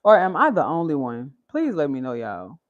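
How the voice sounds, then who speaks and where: A woman hosting a casual livestream from home, her throat a little scratchy from a cold, chatting with viewers as "y'all" while she gently corrects her small child. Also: sits low, huge pitch swings, moderate pace, lo-fi sound. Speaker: livestream host.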